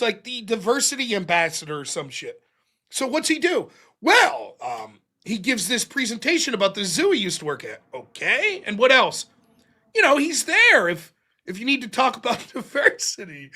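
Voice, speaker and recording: A young man hosting a call-in show, telling stories in a profane, animated way and putting on mocking voices for the people he quotes. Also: extremely high pitch. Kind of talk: casual call-in chat.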